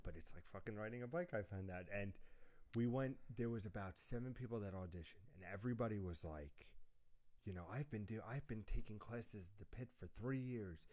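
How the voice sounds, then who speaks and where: A young man telling lively stories in a casual chat, often laughing mid-sentence. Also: on the low side, brisk. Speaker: podcast co-host.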